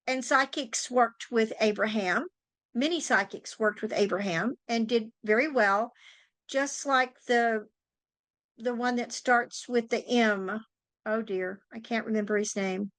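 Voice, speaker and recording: A woman's voice: on the high side, a little slow, fairly bright tone, dry recording. A woman hosting a talk show as a psychic, chatting casually and telling anecdotes in a storytelling way. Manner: chatty storyteller, acts out quoted voices. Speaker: psychic and tarot teacher, podcast host. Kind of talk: casual interview chat.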